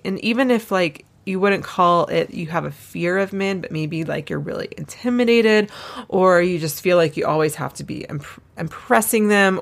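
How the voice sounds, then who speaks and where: A woman's voice: fairly low pitch, creaky. A woman hosting her own podcast as a dating coach, talking in a chatty, enthusiastic, upbeat way. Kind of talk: casual solo podcast monologue.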